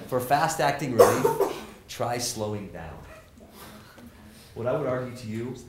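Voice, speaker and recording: A middle-aged man giving an energetic, joking lecture to students, acting out the people in his stories. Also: medium pitch, unhurried. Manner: animated, joking, acts out quoted people. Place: lecture hall with audience. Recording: roomy hall sound, faint noise.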